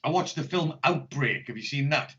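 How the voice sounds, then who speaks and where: An English man rambles and jokes his way through a podcast chat. His voice sits a little high and he swears freely. The audio is dull and lo-fi. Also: expressive, normal speed, sharp tone. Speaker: podcast co-host. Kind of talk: casual chat.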